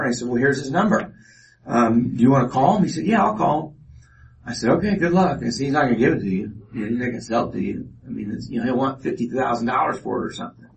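Halting man speaking from far off. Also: medium pitch, a little hiss or hum. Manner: halting, many fillers and restarts. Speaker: speaker presenting a ministry project. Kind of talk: informal testimony talk to an audience. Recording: voice from a distance off mic.

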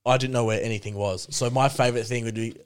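A man's voice: mid-range voice, steady tone, quick pace, clean tone. A young Australian man co-hosting a podcast in casual chat, swearing freely and acting out quotes in a raised voice. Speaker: podcast co-host.

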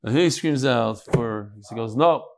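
A man's voice: on the high side, expressive, normal speed, slight background noise. A man teaching a casual daily Talmud class to a live group, chanting the Aramaic text and explaining it in chatty English while joking with his students. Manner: jokes and bickers with students. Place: room with a live study group.

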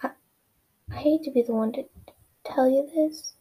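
A woman's voice: high voice, normal speed, mellow, close to an everyday voice, low-quality recording. A woman voicing a doctor who delivers bad news with some hesitation. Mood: grave.

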